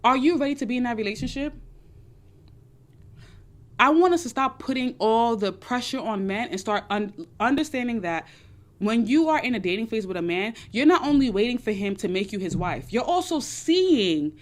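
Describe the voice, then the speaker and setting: A young woman hosting a casual chat, answering audience questions on dating in an emphatic, preachy way and repeating her points. She talks a little loud and excited. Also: a little high, normal speed. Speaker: dating advice host.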